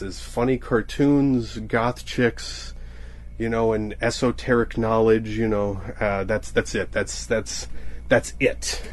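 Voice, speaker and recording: A man's voice: mid-range voice, darkish tone. A young man rambling through a comedic monologue, often cutting himself off and laughing at his own jokes. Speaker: comedian podcaster.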